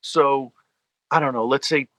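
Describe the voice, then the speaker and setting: A man's voice: medium pitch, steady tone, unhurried, a bit bright, dry recording, rough recording. A man from the US tri-state area telling stories in a casual sit-down conversation, with many fillers. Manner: chatty storyteller, many fillers. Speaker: guest, fan and collector.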